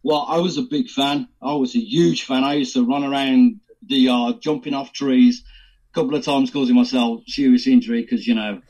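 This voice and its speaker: An actor appearing as a podcast guest trades anecdotes in a casual storytelling interview, speaking at a moderate pace in a medium-pitched voice. He's lively, laughs often and puts on voices for his stories. The recording has its highs cut off.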